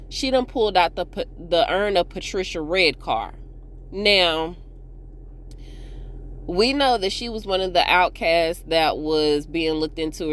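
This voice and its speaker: A woman hosting a casual TV episode recap, chatting to viewers in a slangy, animated way. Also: fairly low pitch, slight background noise. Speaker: TV recap host.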